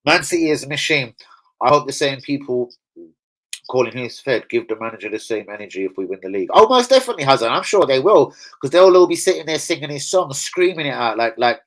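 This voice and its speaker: A man's voice: medium pitch, lively intonation, fast talker, low-quality recording. Young man, streamer host, loose, sweary, chatty, laughs a lot. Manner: swearing, chatty, laughs often, answers chat. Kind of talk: casual live stream chat.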